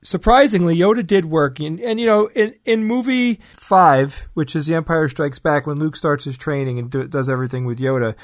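A man co-hosting a podcast, rambling along and agreeing easily. His voice runs a bit high for a man. The recording is dry and close, with no room sound. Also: normal speed, hardly any pauses, dry recording. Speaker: podcast co-host. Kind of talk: casual chat.

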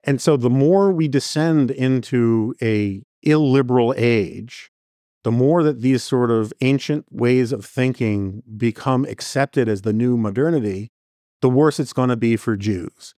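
A man's voice: medium pitch, measured pace, mellow, no room sound, clean studio sound. A man as a podcast guest giving earnest commentary in long run-on sentences. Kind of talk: conversational commentary.

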